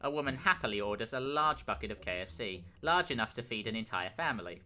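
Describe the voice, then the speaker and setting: A man's voice: fairly low pitch, animated, fast talker, bright, forceful tone. A man hosting a comedy channel, reading a story aloud in a dry, amused narration. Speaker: host. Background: background music.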